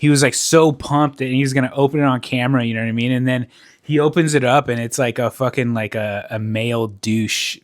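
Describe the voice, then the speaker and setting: Male podcast co-host; loose, rambling, profane delivery, mid pitch. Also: fairly even intonation, fairly quick, dry recording, studio quality. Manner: rambling, swears a lot, many fillers. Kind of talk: casual chat.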